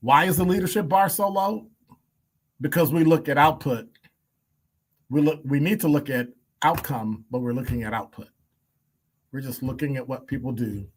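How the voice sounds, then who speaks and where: A man hosting a talk segment in plain, blunt commentary. He hammers his points with rapid rhetorical questions and dry asides, his pitch sitting at an ordinary middle height. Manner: emphatic, piles up rhetorical questions; blunt, wry asides and chuckles. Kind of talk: opinion commentary.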